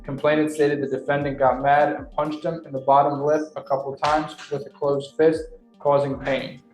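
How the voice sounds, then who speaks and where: A woman's voice: low voice, level tone, normal speed, a little mellow, echoey room, soft background music, low-quality recording. A woman prosecutor reading a police report aloud in a matter-of-fact way at a courtroom hearing.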